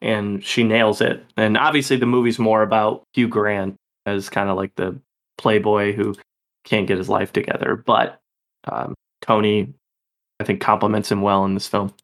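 A man's voice: fairly low pitch, level tone, normal speed. Chatty male podcast co-host. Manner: chatty, swears casually. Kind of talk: casual film podcast chat.

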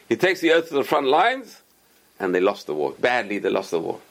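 Animated man telling a moral story. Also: mid-range voice, brisk, gravelly. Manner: animated, acts out characters' lines. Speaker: religious storyteller.

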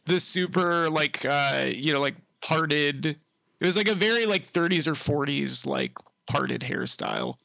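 A man with a higher, gravelly and bright voice co-hosting a podcast, blunt and opinionated, with plenty of 'like's. The sound is dry and close to the mic. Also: very animated, measured pace, dry recording. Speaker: podcast co-host. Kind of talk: casual chat recapping a reality show.

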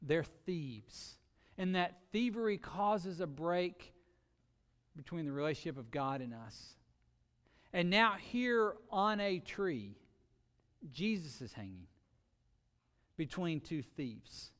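A man preaching a sermon earnestly, with sudden shifts between loud emphasis and quiet, drawn-out words. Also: on the high side, sing-song, big-room sound. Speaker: pastor.

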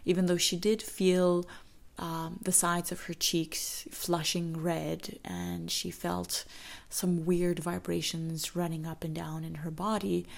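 A woman telling a personal story in an intimate way, slowing down and dropping into whispers for emphasis. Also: fairly low pitch, gravelly. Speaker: storyteller and teacher. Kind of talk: storytelling narration.

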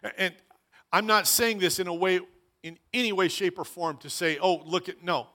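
A man's voice: high-pitched, fairly even intonation, normal speed, bright, forceful tone. A man preaching a sermon as pastor, earnest and emphatic, often repeating phrases for weight.

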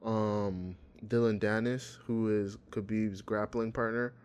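A man's voice: fairly low pitch, takes it slowly, smooth. A man in casual chat, animatedly retelling a story and acting out what people said. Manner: animated storytelling, acts out quotes.

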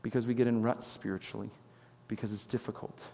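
A man preaching a sermon as pastor, telling stories with animated swings from loud exclamations to quiet intensity. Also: fairly low pitch, fast, gravelly, husky, long reverb tail. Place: church sanctuary.

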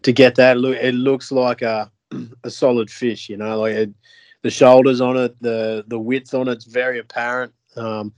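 Enthusiastic podcast host, dry sound. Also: male voice, medium pitch, level tone, moderate pace, a little mellow, no room sound. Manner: enthusiastic, encouraging. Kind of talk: casual chat.

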